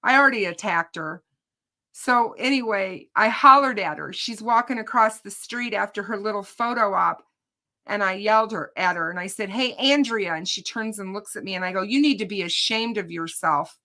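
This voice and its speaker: A woman's voice: mid-range voice, normal speed, sharp tone. A woman hosting a true crime channel, telling viewers about her day in court in an emphatic, indignant casual way.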